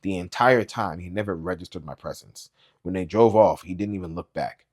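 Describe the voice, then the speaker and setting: A man reading a novel aloud as a booktube reader, with quiet, low-key, even narration. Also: brisk.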